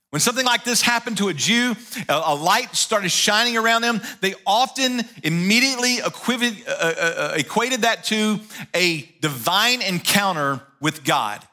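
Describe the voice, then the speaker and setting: A man preaching a sermon and retelling a story with animated energy. His voice is high and bright, and it swings widely in pitch. He slows down for key words. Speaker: pastor.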